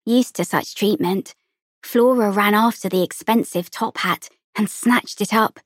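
A woman narrating an audiobook in an even, measured reading voice. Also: medium pitch, breathy edge, no echo, studio quality. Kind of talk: scripted narration.

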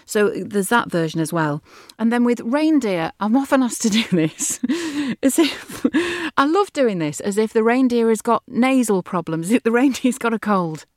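A woman voice actor talks through her character voices in a chatty way. Her voice is lively and a little higher than most. It is recorded close and dry. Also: moderate pace, no echo. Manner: chatty, laughing.

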